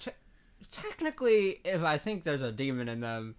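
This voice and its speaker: A man's voice: a little high, normal speed, clear, resonant tone. A man co-hosting a casual comedy podcast, telling jokes with a straight face and then laughing at them. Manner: playful, deadpan jokes that dissolve into laughter. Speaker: podcast co-host.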